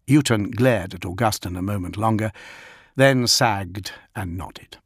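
A man narrating an audiobook in a steady, even storytelling manner. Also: lowish voice, a little slow, breathy edge, dry recording, studio quality.

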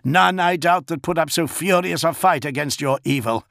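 A man voicing a defiant male warrior speaking grimly to a monster, in a gravelly voice. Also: on the high side, normal speed, fairly bright tone, no room sound, studio quality, voice pushed up. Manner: grim, defiant.

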